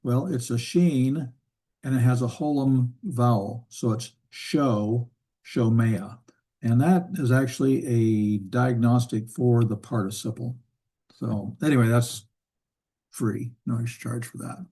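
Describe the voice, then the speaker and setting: A man with a mellow, warm voice at a middle pitch leads a church Hebrew class. He lectures in a relaxed way, thinking aloud with fillers and answering his own rhetorical questions. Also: measured pace, breathy edge. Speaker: Bible Hebrew teacher.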